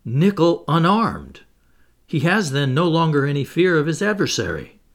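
A man reading a novel aloud, voicing an excitable male adventurer who talks in an emphatic, pleading way. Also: on the high side, a little fast. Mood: urgent.

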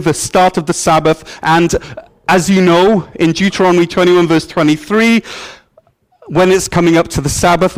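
A man preaching a sermon as pastor, in a playful, joking storytelling manner. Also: sits high. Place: church.

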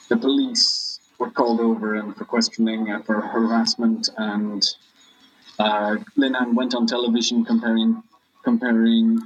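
A man talking as a podcast guest in casual chat, halting, with lots of restarts and fillers. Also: lowish voice, a bit bright, dull audio, slight background noise.

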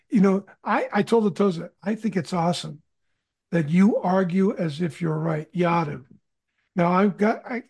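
A man with a notably high speaking voice tells a story as a podcast guest. He rambles a little and restarts his phrases, in a relaxed, conversational way. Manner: relaxed, anecdotal, frequent restarts. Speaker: guest, conflict consultant.

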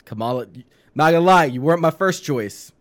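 A man from Long Island co-hosting a podcast, talking casually with swearing and halting restarts. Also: fairly high pitch, animated, a bit bright. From Long Island, New York. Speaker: podcast co-host. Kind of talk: casual chat.

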